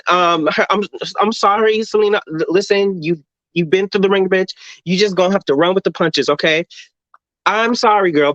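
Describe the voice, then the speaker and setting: A man's voice: high voice, fairly bright tone, no echo. A man co-hosting a podcast, giving a blunt, sassy, profanity-heavy review in casual chat. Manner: blunt, sassy, swears a lot. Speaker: podcast co-host. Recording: dull lo-fi dry sound.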